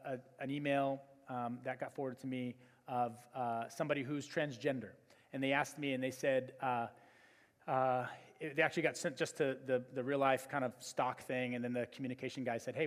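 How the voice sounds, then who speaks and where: Man preaching in a reverberant church hall. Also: medium pitch. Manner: animated storytelling, many fillers. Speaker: pastor. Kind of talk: sermon.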